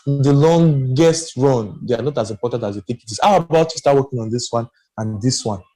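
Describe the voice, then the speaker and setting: Man, podcast panelist, warm and mellow, emphatic and rambling. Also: mid-range voice, a little fast, rough recording. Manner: animated and emphatic, rambling with restarts. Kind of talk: casual discussion.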